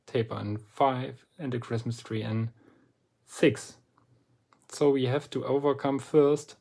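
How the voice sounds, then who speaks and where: Slow, deliberate man explaining a lock. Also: medium pitch, darkish tone. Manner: slow and deliberate, pauses often between phrases. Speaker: lock picking hobbyist presenting a lock. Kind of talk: relaxed instructional walkthrough.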